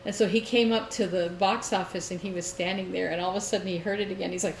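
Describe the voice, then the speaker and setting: A woman co-host chats casually and tells a story with lively energy, laughing now and then. Her voice sits in the middle of the range. The recording has a roomy echo and a light background hiss. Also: medium pitch, fast, gravelly, few pauses. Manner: animated storyteller, laughing often. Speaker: podcast co-host. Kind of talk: casual chat. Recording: roomy echo, faint noise.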